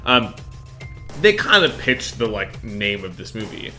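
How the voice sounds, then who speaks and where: Bright-voiced rambling podcast co-host. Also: female voice, rumbling low, very animated, a little slow, faint music behind. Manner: rambling, hesitant, many restarts and fillers. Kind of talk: casual chat.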